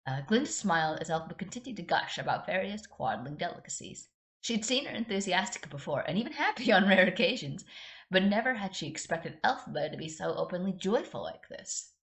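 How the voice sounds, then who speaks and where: A woman's voice: on the low side, big pitch swings, fairly quick, a bit bright. Chatty woman reading fan fiction aloud. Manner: chatty asides, giggles while reading. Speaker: podcast host.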